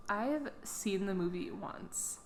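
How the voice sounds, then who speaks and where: A woman's voice: medium pitch, expressive, slow. Young woman, podcast co-host, casual chat, teasing, easy laughter, faint noise.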